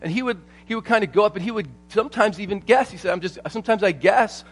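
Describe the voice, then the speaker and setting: A man preaching a sermon at a conference, telling stories in an animated way and repeating his phrases for emphasis. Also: sits high, fast talker. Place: church conference hall.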